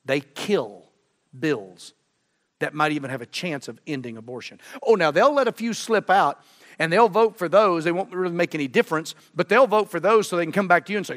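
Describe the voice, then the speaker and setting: A middle-aged man preaching a sermon as a guest preacher, fervent, swinging from loud emphasis to low, earnest tones. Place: church sanctuary. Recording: long church reverb.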